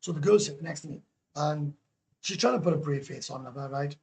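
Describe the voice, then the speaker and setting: A man on a casual livestream call, chatting in an excitable, rambling way and throwing in swear words and tag questions. His voice sits a little high and has a rough, gravelly edge. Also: fairly quick. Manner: keeps adding tag questions. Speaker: guest YouTuber calling into a livestream.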